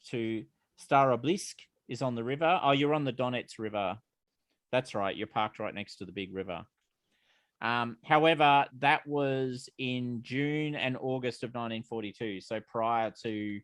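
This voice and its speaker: A man's voice: medium pitch, dry recording. A man running a tabletop role-playing game as game master, narrating the scene with many fillers and restarts.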